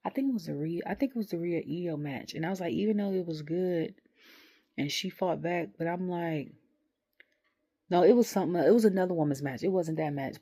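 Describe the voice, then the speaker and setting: A woman's voice: on the low side, dark tone. A young adult woman, rambling animatedly through a casual wrestling review and acting out the voices she quotes.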